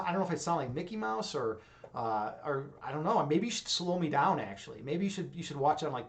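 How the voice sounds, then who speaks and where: Casual livestream host, young American man, high-energy and fast, profane, full of fillers and restarts. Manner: intense, rapid, rambling with many fillers and profanity. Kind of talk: casual livestream chat reading viewer comments.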